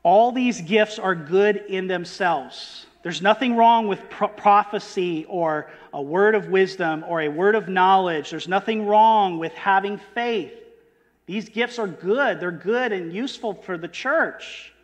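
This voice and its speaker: A man with a high voice delivers a sermon in an emphatic way, lifting his voice on quoted verses and sinking low on key words. He asks his listeners rhetorical questions. His words ring out with a long reverb, as if in a big hall. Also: unhurried. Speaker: preacher.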